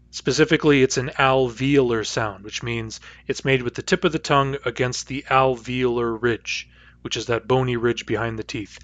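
A man's voice: mid-range voice, a bit bright. A man teaching a phonetics lesson, explaining sounds patiently and demonstrating each one aloud. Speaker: language teacher.

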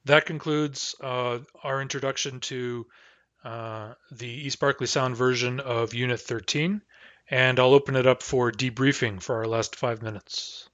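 A man teaching a language class, explaining grammar patiently and answering student questions, with frequent hesitations and slow, careful repetition of example sentences. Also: medium pitch, fairly even intonation, fairly bright tone, no echo, highs cut off.

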